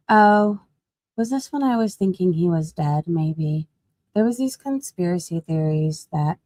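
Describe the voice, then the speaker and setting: Woman streamer, lowish voice, chatty gossip commentary, dry close sound. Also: a little mellow, no room sound. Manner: chatty, laughing, asks the chat questions. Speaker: live-stream gossip host. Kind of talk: casual commentary while scrolling.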